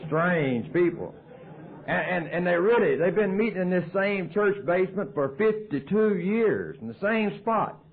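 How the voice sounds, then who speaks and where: A man's voice: high-pitched, lively intonation, a little slow. A man with a Southern American accent telling his recovery story at a meeting in a folksy, joking way. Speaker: AA speaker. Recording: tinny lo-fi 1990s tape.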